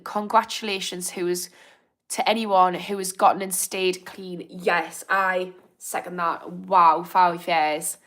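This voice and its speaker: On the low side but fairly bright, this young woman's voice carries a Northern English accent as she hosts a live stream. She reads out comments and chats casually, quick to laugh, apologetic and encouraging.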